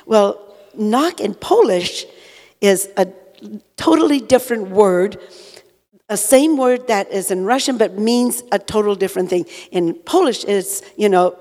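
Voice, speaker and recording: A woman's voice: medium pitch, unhurried, a little mellow. Older woman preaching in an echoing hall. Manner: rambling, heavy "you know" fillers. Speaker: preacher giving testimony. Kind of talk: conversational sermon testimony. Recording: long echoey hall reverb.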